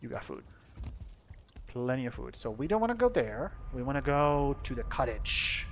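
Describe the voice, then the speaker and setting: Young man from finland, game stream chatter, rambling and profane, talks to himself, medium pitch. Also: big pitch swings, moderate pace, gravelly, a bit bright, slight background noise. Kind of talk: casual gameplay commentary.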